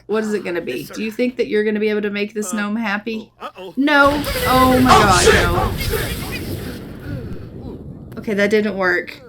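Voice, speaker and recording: A woman giving casual, chatty let's-play commentary, giggling and voicing her characters' thoughts in quick asides. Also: medium pitch. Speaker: gameplay narrator.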